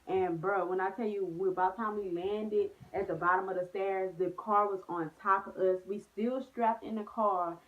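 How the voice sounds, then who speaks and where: Recorded with phone-like narrow sound, this young woman chats casually through a storytime vlog, full of slang and endless "like"s. Her mid-range voice moves at normal speed with few pauses, and her storytelling is animated.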